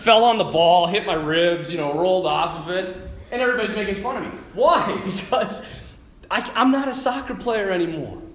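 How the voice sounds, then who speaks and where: A middle-aged man giving a lively faith talk to a live audience, telling stories and tossing asides to the listeners. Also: high voice, normal speed, a little hiss or hum. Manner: animated storytelling with asides to the audience. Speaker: Catholic speaker. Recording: echoey hall with faint ambience.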